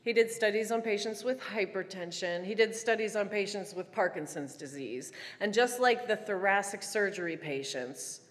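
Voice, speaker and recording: A woman giving a prepared reflective talk, telling stories in a wry, animated way with dramatic pauses. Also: medium pitch. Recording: long reverb of a large hall.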